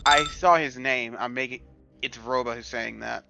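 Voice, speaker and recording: A man's voice: medium pitch, steady tone, moderate pace, creaky, very noisy. A man playing a tabletop game, joking around and swearing casually. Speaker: player.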